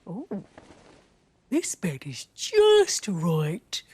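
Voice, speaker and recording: A woman voicing a small, gentle, sleepy male bear in a storybook, drawing out his plaintive complaints. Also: on the low side, huge pitch swings, very slow, slightly rough, no echo, heavily acted. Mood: contented.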